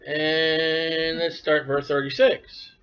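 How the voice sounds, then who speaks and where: A man's voice: on the high side, little pitch movement, slow, smooth. A man preaching a sermon, talking animatedly and acting out the voices of biblical figures. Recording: dull lo-fi recording.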